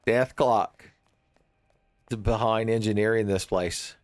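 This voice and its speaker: A man with a lowish, fairly even voice speaks slowly while streaming a horror game, tossing out rambling jokes and frequently cracking himself up. There's no room sound.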